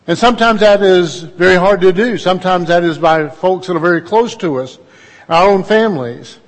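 A man's voice: high voice, normal speed, big-room sound. A middle-aged man, preaching a conversational sermon in a folksy, storytelling way and putting questions to his listeners.

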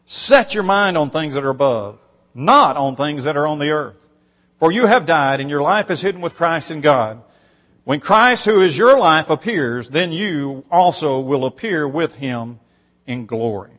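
High-pitched preacher guy reading scripture, gets emphatic on repeats, long hall echo. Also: expressive, measured pace, a bit bright. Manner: emphatic, rising on repeated phrases, reads scripture aloud. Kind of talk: sermon.

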